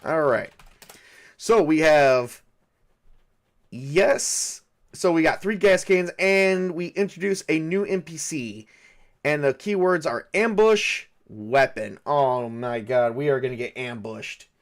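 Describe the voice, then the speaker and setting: A man's voice: a little high, lively intonation, slow. A man narrating a solo tabletop game, thinking aloud with frequent hesitations and fillers. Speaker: game master and solo player.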